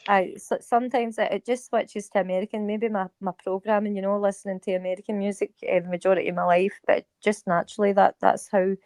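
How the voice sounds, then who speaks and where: A woman's voice: medium pitch, level tone, quick pace, few pauses, darkish tone, no room sound. A woman chatting casually as a panel guest, full of "like" and "you know".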